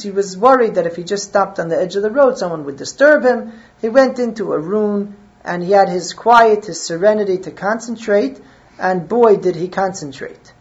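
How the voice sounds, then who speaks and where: A woman teaching a religious text at a steady, even pace. She reads each phrase, then translates it and explains it in plain words. The recording sounds a little muffled and lo-fi. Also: mid-range voice. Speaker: Torah teacher. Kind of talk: text study lesson.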